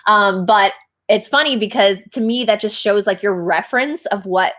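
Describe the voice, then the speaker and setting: A bubbly woman singer chats casually on a livestream, laughing often between thoughts. Her talk is loose and rambling, full of filler likes. Her pitch sits in the middle of the range for a woman. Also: moderate pace, fairly bright tone. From Canada. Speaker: band singer and livestream co-host.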